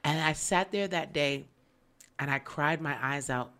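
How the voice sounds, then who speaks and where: A woman with a notably low voice tells stories in an easygoing chat. She acts out the people in her stories with lively, exaggerated voices. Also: unhurried. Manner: animated storyteller who acts out other people's voices. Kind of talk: casual chat.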